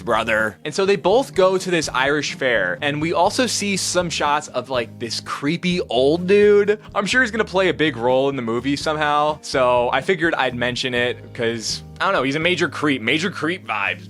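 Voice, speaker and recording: A man's voice: medium pitch, fairly bright tone. A young man casually recapping a movie as a review host, laid-back and full of slang. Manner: laid-back slangy, says bro and dude.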